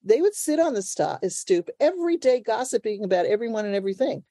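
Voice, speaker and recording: A woman's voice: fairly high pitch, big pitch swings, fast talker, mellow, no room sound, clean studio sound. An older woman from Brooklyn, a playwright and actor, talking animatedly in an interview and laughing often. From Brooklyn, New York. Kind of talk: conversational interview.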